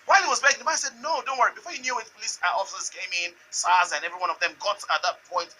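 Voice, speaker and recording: A man hosting a talk show, telling a story in a lively way, acting out the voices of the people in it and laughing often. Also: sits high, racing, poor audio. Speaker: radio and TV show host.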